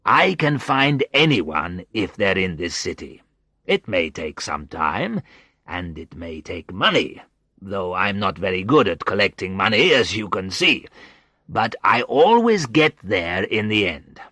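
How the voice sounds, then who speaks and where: A man reading aloud, voicing a loud, cheerful, heavyset male fixer with a booming, jovial manner. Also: sing-song, measured pace, no room sound, clean studio sound, exaggerated voice.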